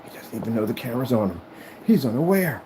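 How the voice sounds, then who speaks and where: Animated man rambling to camera. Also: medium pitch, fast talker, a little hiss or hum, poor audio. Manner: rambling, emphatic, repeats himself. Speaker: vlogger. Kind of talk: casual chat to camera.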